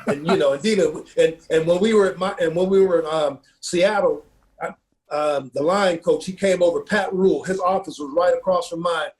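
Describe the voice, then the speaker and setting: A man with a fairly high voice tells a personal story in an earnest, unpolished way. He keeps circling back with little fillers and repeats his words as he goes. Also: moderate pace, darkish tone. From Ohio. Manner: earnest, repeats himself, many fillers like "you know". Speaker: football coach.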